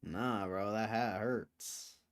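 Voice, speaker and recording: A man's voice: on the low side, slow pace. Laid-back, slangy young man streaming. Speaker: livestream host. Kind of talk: casual chat reading viewer comments.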